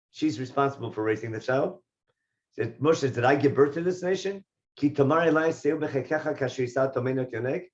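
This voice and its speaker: A man teaching a Torah class, reading Hebrew verses and explaining them in English, and getting lively when he voices the figures in the text. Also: mid-range voice, lo-fi sound. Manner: animated when voicing the speakers in the text. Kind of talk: text study lesson.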